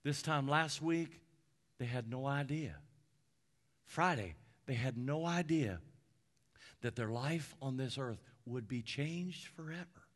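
A man preaching a sermon from the pulpit as a pastor, with emphatic repeated lists that swing between loud peaks and hushed drops. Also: medium pitch, slow.

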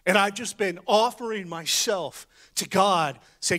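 A man preaching a sermon, telling a personal story in a conversational way, then swinging between rising emphatic calls and hushed whispers. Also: sits high, moderate pace, few pauses.

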